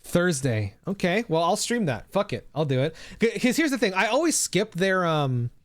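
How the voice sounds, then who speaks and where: A male streamer talks off the cuff to his chat, rambling and dropping the odd swear word. His voice sits a little high for a man. The sound is dry and close, with no room in it. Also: big pitch swings, normal speed, dry recording. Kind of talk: casual live-stream reaction chat.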